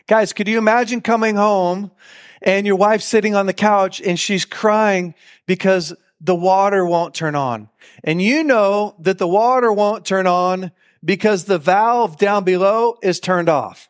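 A preacher with a high-pitched voice delivers a sermon at a measured pace before a live audience. He's an animated storyteller who acts out the lines of the people in his stories and often turns to his listeners with direct questions.

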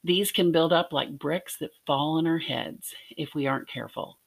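A woman's voice: low-pitched, normal speed, creaky, husky. A middle-aged woman from Arkansas teaching a devotional lesson, telling a personal story in an earnest way with light laughs. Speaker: podcast teacher.

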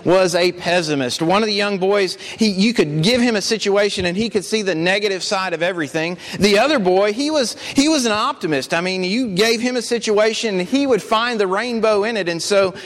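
A man's voice: sits high, a little fast, hardly any pauses, fairly bright tone, in a large hall. A male preacher giving an earnest sermon, telling stories and often repeating words. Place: church.

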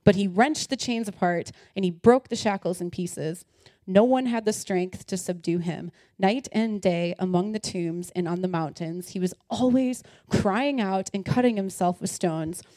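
A young woman delivers a sermon with animated energy, reading scripture and talking straight to her listeners. Her voice is mellow and warm, recorded close and dry with no room sound. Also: medium pitch, normal speed, no echo. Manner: animated, addresses listeners directly. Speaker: preacher.

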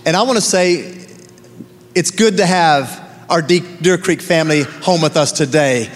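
A man's voice: a little high, a little slow. A male pastor making church announcements, thanking members, with frequent hesitant fillers. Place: large church sanctuary. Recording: long church reverb, faint crowd and noise.

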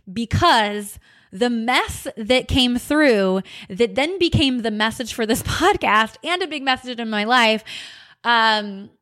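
A woman hosting a podcast, telling a personal story in a candid, animated way, with many fillers and some swearing. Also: fairly high pitch. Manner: seen on camera holding crystal wands. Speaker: podcast host. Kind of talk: personal reflective monologue.

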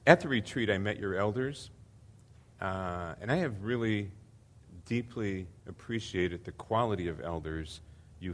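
An older man, on the low side with a bit of brightness to his voice, preaches a sermon as a guest pastor. Earnest and hesitant, he leans on fillers, then builds to emphatic repeated lines.

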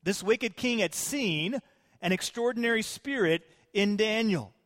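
Dramatic preacher with a higher voice. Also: male voice, a little slow. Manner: dramatic, swings between loud and hushed. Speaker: pastor. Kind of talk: sermon storytelling. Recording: long hall reverb.

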